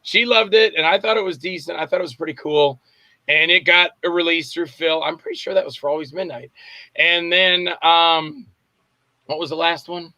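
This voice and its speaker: A man, a film director, telling lively anecdotes in a casual interview, acting out the voices in his stories. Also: a little high, moderate pace, no room sound. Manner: animated anecdotes, acts out voices and shouts. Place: Tampa area, Florida.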